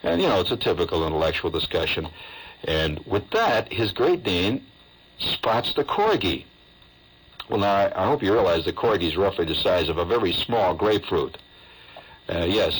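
A man's voice: low voice, husky, poor audio. A man, hosting a radio show and telling a long comic story in a chatty, rambling way with amused asides.

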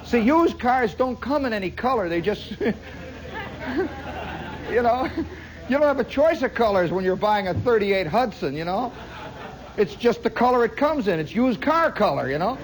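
Animated high-voiced male storyteller. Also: moderate pace, long pauses, a faint crowd, rough recording. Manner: rambling, animated, full of asides. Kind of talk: spoken storytelling monologue.

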